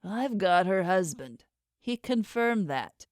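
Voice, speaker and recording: A woman's voice: medium pitch, animated, slow, a little mellow, dry recording, studio quality. A woman voicing a wary male hired tracker who answers defensively and placatingly in an audiobook. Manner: defensive, placating, stammering under pressure. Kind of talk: audiobook character voice.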